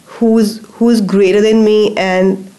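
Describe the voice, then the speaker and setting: A woman's voice: mid-range voice, flat delivery, slow, warm tone, poor audio. A woman talking as a guest on a coaching show, hesitant and full of restarts as she opens up. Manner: hesitant, many fillers and restarts while opening up. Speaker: guest receiving facilitation. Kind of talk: casual conversation.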